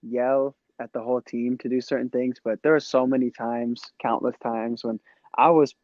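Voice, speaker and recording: A relaxed man in his twenties chats as a podcast guest, full of fillers and quick laughs. His voice sits at an ordinary pitch, and the recording sounds dry and a little muffled, with no room around it. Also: dry recording. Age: 20s. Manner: easygoing, laughs often, chatty with many fillers. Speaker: podcast guest, former player. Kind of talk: casual chat. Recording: dry, dull lo-fi podcast audio.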